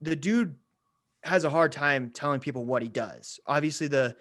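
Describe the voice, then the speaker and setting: A man's voice: a little high, moderate pace, fairly bright tone. Enthusiastic slangy male podcast co-host. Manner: enthusiastic, slangy, calls friends "bro". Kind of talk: casual chat.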